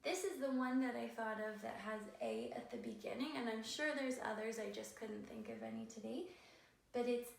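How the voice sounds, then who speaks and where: A woman teacher giving a patient phonics lesson to young children, sounding words out slowly and carefully. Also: a little high, vocal fry. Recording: echoey room, voice a bit far from the mic.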